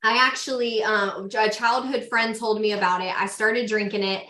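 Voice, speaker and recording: A chatty woman with a Southern country accent tells her story in an upbeat way. Her tone is bright and forward. It is heard over a video call with a roomy echo. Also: medium pitch, fairly even intonation, moderate pace. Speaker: sales team mentor. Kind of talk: casual team video call.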